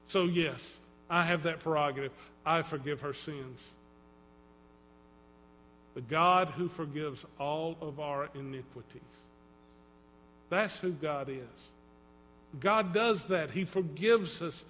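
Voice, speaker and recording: High, bright-voiced man preaching in a hall. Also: slow pace, long pauses, a little hiss or hum. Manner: dramatic, swings between loud and hushed, acts out quotes. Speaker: pastor. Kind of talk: sermon. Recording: long reverb in a hall.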